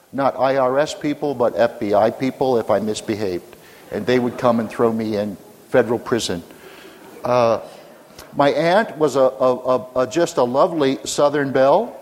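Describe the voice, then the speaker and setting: An older male pastor delivers a sermon in a relaxed storytelling way, joking and asking his congregation questions. His voice sits at an ordinary pitch for a man. A long church reverb trails after his words. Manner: warm storytelling with humor, asks congregation questions. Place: church sanctuary.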